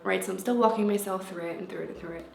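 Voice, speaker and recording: A woman vlogger telling a personal story to camera in a casual, animated way, acting out what was said. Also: medium pitch, rapid-fire, creaky. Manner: animated, acts out quotes in changing voices. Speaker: vlogger and life coach. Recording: echoey room with faint background music.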